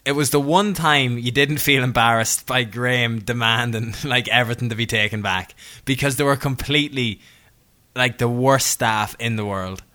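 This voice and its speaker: A man's voice: mid-range voice, moderate pace, sharp tone. A man co-hosting a podcast, chatting casually and telling stories with a laugh. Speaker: podcast co-host.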